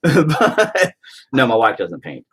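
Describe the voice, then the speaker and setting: Husky-voiced man ranting with profanity. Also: mid-range voice, wildly swooping pitch, takes it slowly, fairly bright tone. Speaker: painting video host. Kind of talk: casual chat while painting.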